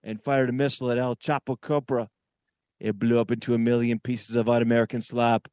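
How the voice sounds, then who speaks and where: A man's voice: medium pitch, flat delivery, brisk, darkish tone, clear, resonant tone, dry recording, studio quality, natural voice. A man doing a boastful rambling politician. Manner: rambling, boastful, self-correcting puns. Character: boastful older male politician telling a tall tale. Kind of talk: comedy impression narrating a story.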